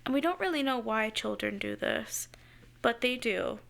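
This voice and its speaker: A woman's voice: fairly high pitch, animated, normal speed, vocal fry, a bit bright. A woman co-hosting a casual podcast who laughs often and adds reflective comments. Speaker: podcast co-host. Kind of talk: casual chat.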